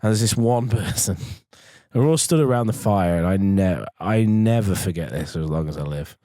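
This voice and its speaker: A man's voice: low-pitched, animated, moderate pace, mellow, no echo, clean studio sound. A man, co-hosting a casual podcast and telling rambling, sweary anecdotes full of restarts. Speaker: podcast co-host. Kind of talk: casual storytelling chat.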